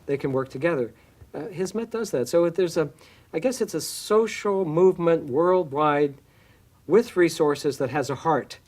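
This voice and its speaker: A man with a slightly raised pitch talks reflectively in an interview. He often stops, restarts and fills gaps with ums and uhs. His speech sounds unhurried and considered. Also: darkish tone. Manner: thoughtful, hesitant, many fillers and restarts.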